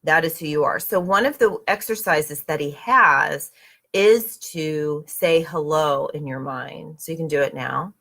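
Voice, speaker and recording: A woman's voice: deep voice, a little slow, a bit bright. A woman from Southern California hosting a casual book club reading and guided meditation. She speaks in a conversational, upbeat way and keeps checking in with her listeners. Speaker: host.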